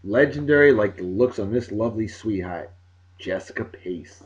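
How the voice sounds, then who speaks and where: A man's voice: a little high, sing-song, moderate pace, darkish tone, muffled recording. A man hosting a casual video blog, brash and joking, with a loose, crude way of talking. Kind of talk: casual chat over music.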